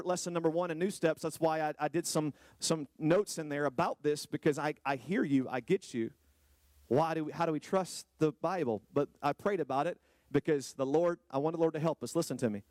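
A man preaching a sermon to a congregation, firing rhetorical questions and swinging from low, quiet lines to high, drawn-out exclamations. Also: no echo. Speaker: pastor. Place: church hall with a congregation.

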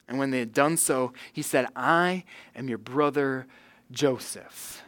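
A man preaching a sermon, earnest, rising loud on key points and dropping soft for quiet emphasis. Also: a little high, no echo, studio quality. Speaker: pastor.

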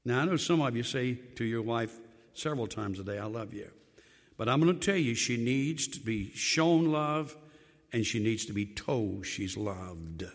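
An older man, a pastor of many years, preaching a sermon that swings from loud emphatic lines to quiet low drops, with joking asides. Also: animated, moderate pace, in a large hall.

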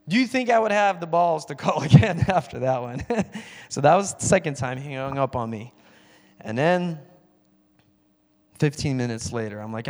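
A man's voice: fairly high pitch, animated, normal speed, a little mellow. Man telling a testimony in a reverberant church. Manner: storytelling, acts out phone calls with raised voice. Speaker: church speaker giving a testimony. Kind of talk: sermon testimony.

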